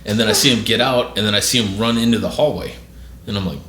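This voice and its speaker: A man's voice: on the low side, quick pace, fairly bright tone. A man hosting a podcast, telling a long story casually, swearing a lot and checking in with "right?" after nearly every beat. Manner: profane, rambling, says "right?" often. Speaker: podcast host. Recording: echoey room with faint noise.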